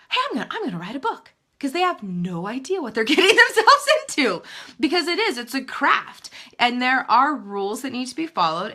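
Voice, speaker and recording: A woman novelist in her thirties, chatting live to viewers with emphatic, animated writing advice and self-mocking asides. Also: high voice. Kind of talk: live video chat answering viewer comments.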